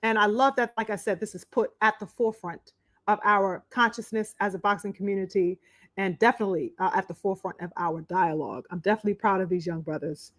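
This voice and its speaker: A woman hosting a casual livestream on boxing, talking with her viewers in an animated, emphatic, profane way. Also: medium pitch, quick pace. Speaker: boxing talk show host.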